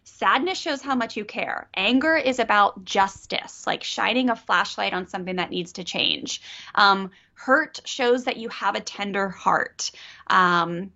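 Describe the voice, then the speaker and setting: Bright-voiced middle-aged woman parenting coach. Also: mid-range voice, a little slow, creaky. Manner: animated, acts out child and parent voices. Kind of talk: coaching a caller. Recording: dull lo-fi audio.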